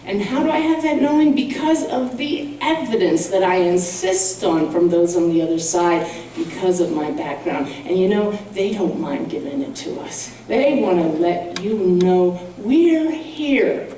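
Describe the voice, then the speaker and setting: A woman's voice: fairly low pitch, steady tone, moderate pace, few pauses, mellow, slight background noise. A middle-aged woman, a guest speaker and medium, telling stories earnestly to a congregation. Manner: earnest, storytelling. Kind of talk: storytelling talk to a congregation. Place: large hall at a spiritual centre. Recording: echoey hall from far off.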